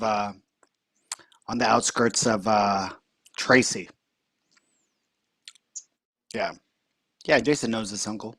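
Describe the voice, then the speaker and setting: A man's voice: medium pitch, no room sound, studio quality. A man hosting a podcast, telling a story casually and rambling with lots of fillers. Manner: rambling, full of fillers and restarts. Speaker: podcast host. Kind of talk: casual chat, comic storytelling.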